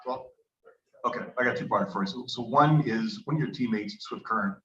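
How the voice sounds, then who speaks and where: A man's voice: on the low side, brisk, a bit bright. A man in the audience asking a long, hesitant question from the floor. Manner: rambling, hesitant question with fillers. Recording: distant, echoey, dull room sound.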